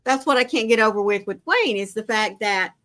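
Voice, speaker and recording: Woman co-host, affectionate chatty storyteller, slightly high pitch. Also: animated, brisk. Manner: warm, affectionate greetings to viewers, storytelling. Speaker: livestream co-host. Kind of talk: casual live chat.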